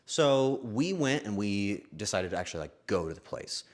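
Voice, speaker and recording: Lively emotional young male streamer. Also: on the low side, moderate pace. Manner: emotional, swears often, swings from loud to hushed. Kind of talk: casual stream chat.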